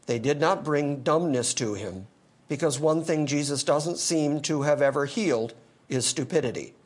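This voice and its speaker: A male pastor preaching an expository sermon, animated and teaching verse by verse, with dry humor. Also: on the high side, moderate pace. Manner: animated, quoting scripture in character, dry humor.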